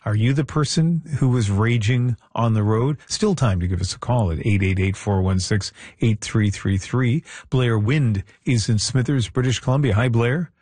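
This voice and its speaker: A male radio host running a live phone-in show, brisk and friendly as he keeps the calls moving. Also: medium pitch, darkish tone, no echo. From Canada. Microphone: studio microphone.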